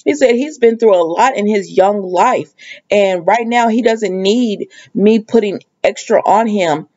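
A woman's voice: mid-range voice, unhurried, a little mellow, lo-fi sound. A woman casually recapping a soap opera episode, chatty and acting out the characters' lines as she retells them. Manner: chatty storyteller, acts out quoted lines.

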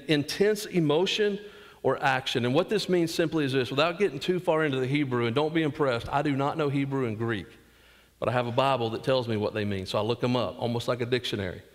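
Long church reverb fills the sanctuary as a Southern-accented pastor delivers his sermon in a mid-range voice. He's earnest, acting out quotes and slipping in asides to the congregation.

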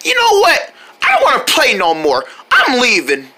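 A woman's voice: high voice, wildly swooping pitch, moderate pace, very noisy. A woman voicing a young girl who joins a team and turns whiny and complaining when left out. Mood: sulky.

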